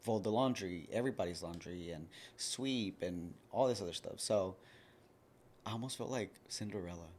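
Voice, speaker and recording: A man's voice: low-pitched, moderate pace, a little mellow. A man in his thirties, a podcast guest telling his own story frankly in a casual, conversational way. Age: 30s. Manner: frank, conversational, lots of "like" fillers. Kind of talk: candid personal storytelling.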